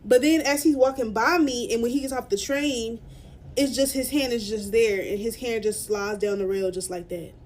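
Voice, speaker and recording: A woman's voice: on the high side, a little mellow. Upset young woman telling a story. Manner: upset, halting, full of fillers and restarts; tearful at moments. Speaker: vlogger. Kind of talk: emotional storytime vlog.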